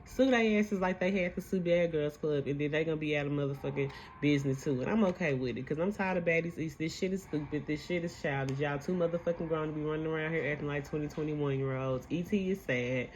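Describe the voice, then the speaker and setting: A woman's voice: sits low, fast talker, hardly any pauses, darkish tone, a little hiss or hum. A young woman hosting a casual reality show recap, blunt and heated, swearing freely.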